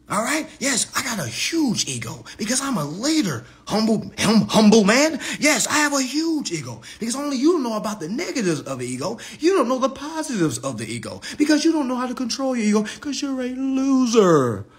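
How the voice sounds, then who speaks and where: A man ranting on a livestream in a brash, taunting way, repeating "all right? okay?" to drive his points home. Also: very high voice. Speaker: livestream host.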